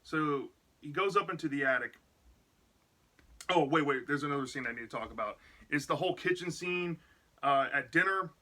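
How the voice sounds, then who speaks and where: A man with a strikingly bright, sharp-edged voice that sits a little high for a man. He runs through a plot recap in a loose, casual way, piling on "like" and "you know" as he goes. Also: moderate pace. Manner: rambling, full of "like" and "you know". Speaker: book reviewer.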